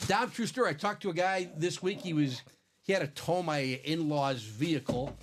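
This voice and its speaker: A man with a Chicago accent hosting a live sports card break, chatty and animated, laughing often. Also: fairly high pitch, moderate pace, slight background noise. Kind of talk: casual live-stream chat.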